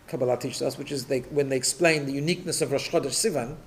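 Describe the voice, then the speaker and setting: Rabbi giving a Torah class, fairly high voice, explains patiently, repeats words on restarts. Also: male voice, lively intonation, quick pace. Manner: explanatory, checks in with listeners. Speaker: rabbi teaching a weekly class.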